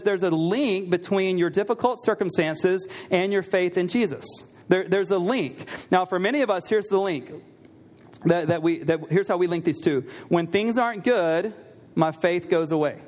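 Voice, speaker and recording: Here a pastor with a high voice delivers a sermon as if talking with his listeners, repeating important lines for emphasis and asking rhetorical questions.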